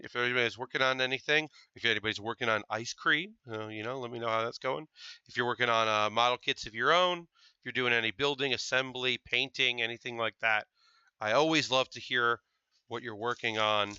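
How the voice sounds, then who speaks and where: A man's voice: mid-range voice, brisk, sharp tone, smooth, no room sound, highs cut off. A man chatting casually to his live-stream viewers while building a model kit, thinking aloud with fillers. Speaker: livestreamer building model kits.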